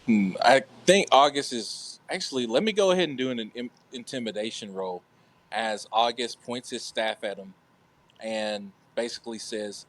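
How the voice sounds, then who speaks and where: A man's voice: mid-range voice, normal speed. A man playing a tabletop game, thinking aloud hesitantly as he decides his move. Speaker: player. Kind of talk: casual tabletop play.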